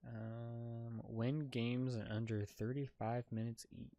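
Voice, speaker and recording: A man casually talking to himself while playing a video game, relaxed and mumbling. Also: mid-range voice, takes it slowly. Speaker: gamer streamer. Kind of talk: casual gameplay commentary.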